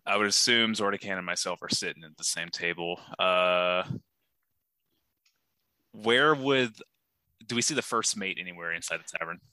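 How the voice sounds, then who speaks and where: Deep-voiced man playing a tabletop game. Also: normal speed, long pauses, pushed and bright, clear, resonant tone, no echo. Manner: thoughtful, questioning. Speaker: player. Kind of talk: casual tabletop role-play.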